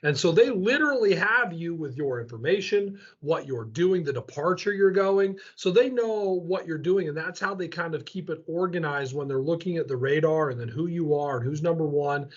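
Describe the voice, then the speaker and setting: A man's voice: on the high side, expressive, normal speed, hardly any pauses, dull audio. A man hosting an interview on flight training, explaining things in a casual, rambling way and asking questions. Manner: rambling, thinks aloud with restarts. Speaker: flight school host.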